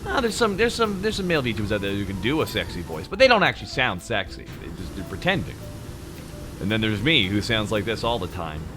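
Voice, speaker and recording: Deep-voiced man in his thirties streaming. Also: very animated, fast, music in the background. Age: 30s. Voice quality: naturally deep voice. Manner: joking, teasing, talks straight to chat. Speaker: VTuber streamer. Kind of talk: casual stream chat. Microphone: close to the microphone.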